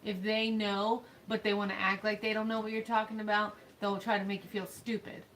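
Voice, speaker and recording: A woman's voice: mid-range voice, little pitch movement, fairly quick, a bit bright, a little hiss or hum, low-quality recording. A woman co-hosting a casual livestream, teasing her partner and laughing often. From United States. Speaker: livestream co-host. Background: faint game music.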